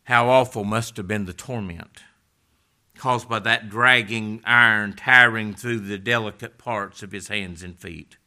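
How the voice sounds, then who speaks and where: A middle-aged man preaching a sermon, swinging between loud passionate stretches and hushed, almost whispered words. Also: on the low side, fairly even intonation, measured pace.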